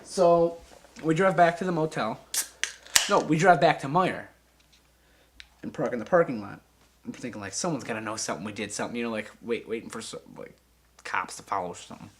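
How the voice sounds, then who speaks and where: A young man being interviewed, telling a casual, animated and profane anecdote and acting out the voices of the people in it. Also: mid-range voice, normal speed, long pauses, a little hiss or hum. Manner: animated, profane, acts out voices and sound effects.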